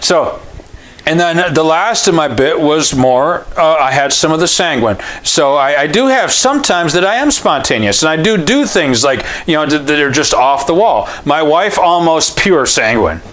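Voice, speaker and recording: A man's voice: a little high, big pitch swings, normal speed, fairly bright tone. A man, a pastor, giving a chatty, joking sermon and often restarting his sentences. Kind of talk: conversational sermon.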